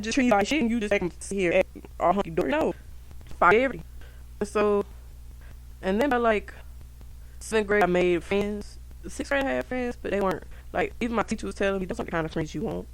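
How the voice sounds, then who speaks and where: A woman's voice: medium pitch, no room sound. Profane young woman telling stories, dry sound. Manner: profane, animated, talks straight to listeners. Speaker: podcast host. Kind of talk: casual storytelling podcast. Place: indoors at home.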